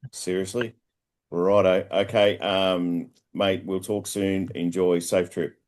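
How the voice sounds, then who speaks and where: A man's voice: low voice, little pitch movement, slow pace, a little mellow. A man co-hosting a local football show, trading casual banter and jokes in a laid-back, teasing way. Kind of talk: casual banter and joke telling.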